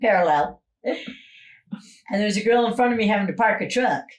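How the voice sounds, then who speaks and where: A woman's voice: mid-range voice, expressive, brisk. A middle-aged woman telling stories on a casual podcast as a psychic guest, swearing freely and laughing often. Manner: profane, storytelling, loud laughter.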